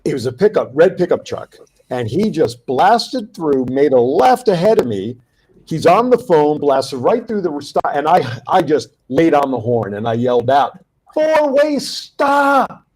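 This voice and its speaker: A man hosting a round-table talk show, telling stories in a lively way and acting out his own shouts. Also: on the high side, normal speed, slightly rough, low-quality recording. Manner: animated storyteller, acts out yelling. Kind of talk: casual round-table chat.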